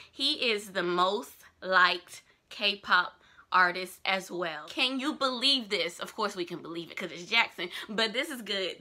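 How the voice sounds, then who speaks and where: A young woman from Georgia, chatting excitedly in her fan news vlog and repeating herself as she gushes. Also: medium pitch. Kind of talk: casual vlog chat.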